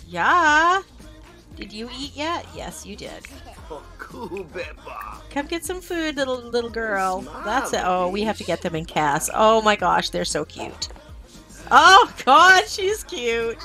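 Slow and forceful, this woman's bright, fairly high voice swings widely in pitch as she streams gameplay live. Over game music, she gushes and speaks directly to her game characters.

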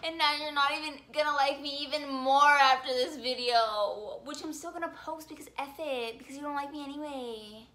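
A young woman vlogging alone, ranting in a dramatic, self-mocking way that swings from mumbling to yelling. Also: sits high, moderate pace, hardly any pauses, faint music behind. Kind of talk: casual ranting vlog.

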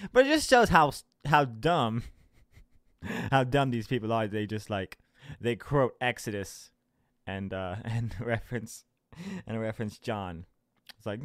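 Young dude ranting solo on his podcast, swears a lot, laughs mid-sentence, super animated voice, dry close mic. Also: mid-range voice, no room sound. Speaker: podcast host. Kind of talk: casual solo rant. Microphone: home recording setup.

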